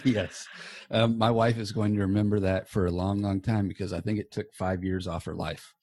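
A man's voice: lowish voice, fairly even intonation, moderate pace, a little mellow. A man hosting a podcast from a small home office, chatting loosely and casually with a guest and swearing now and then. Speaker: podcast host. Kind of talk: casual chat. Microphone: earbuds.

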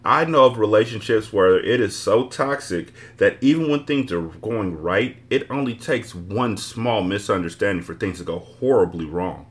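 Low male voice, animated pitch, casual book reader with blunt, cursing commentary. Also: moderate pace, hardly any pauses. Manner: blunt, profane, conversational. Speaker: book podcast host.

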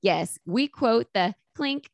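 A woman's voice: on the high side, slow, creaky, no room sound. A woman in her thirties chatting casually as co-host, acting out quotes with laughs. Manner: animated, acts out quotes with laughter. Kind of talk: casual chat.

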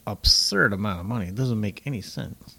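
A man with a somewhat low voice talks easily on a casual podcast, adding amused comments and quick asides. His tone stays relaxed and conversational throughout. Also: creaky. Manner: easygoing, amused, chiming in. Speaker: podcast co-host. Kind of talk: casual chat over beers.

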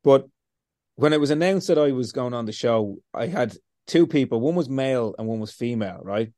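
A man talks as a podcast guest, animated and blunt, swearing freely as he acts out his own inner talk. His voice sits at an ordinary middle pitch. It is recorded dry, with no room sound. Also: a little fast, no echo. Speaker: interview guest. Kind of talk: casual storytelling.

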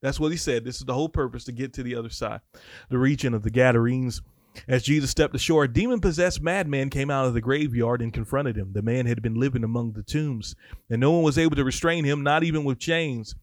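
A man teaching the Bible on a podcast in sermon style, reading scripture and breaking off into lively, casual asides. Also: mid-range voice, quick pace, dry recording, clean studio sound.

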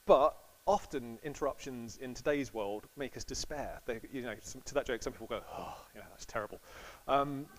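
A man's voice: medium pitch, moderate pace, slight background noise, rough recording. A man giving a casual, chatty sermon to a congregation, acting out quotes with laughs. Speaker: preacher.

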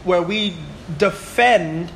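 A man's voice: sits high, extremely slow, gravelly, a bit bright, slight background noise. A man in his twenties teaching a Bible class, chatty and full of stories, often asking "right?" and "you know?". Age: 20s.

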